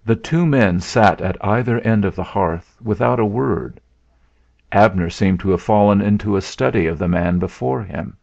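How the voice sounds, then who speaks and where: A man narrating a story in a measured, steady way. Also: on the low side, gravelly. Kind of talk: scripted narration. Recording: dull lo-fi sound.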